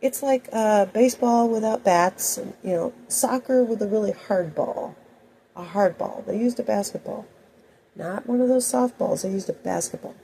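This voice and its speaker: Gravelly-voiced woman telling a rambling story. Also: mid-range voice, normal speed, warm tone, slight background noise, poor audio. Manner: rambling, anecdotal, many asides. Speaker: host. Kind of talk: personal storytelling monologue.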